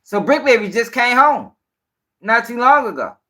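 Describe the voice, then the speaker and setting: A man's voice: very high voice, very animated, moderate pace, sharp tone. A man hosting a commentary channel, talking casually in loose slang straight to his viewers.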